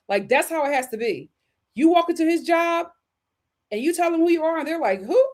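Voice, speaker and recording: A woman's voice: high-pitched, animated, normal speed. Sassy woman hosting a chat stream. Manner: sassy, emphatic, repeats punchlines. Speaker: host. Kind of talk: livestream commentary and chat.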